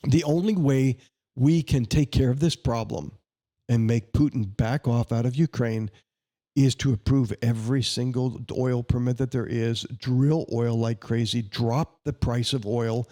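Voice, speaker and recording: A man's voice: mid-range voice, steady tone, a little slow, mellow. A man answering questions as a candidate in a podcast interview, speaking emphatically, with indignant, sarcastic jabs and chatty anecdotes. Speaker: congressional candidate.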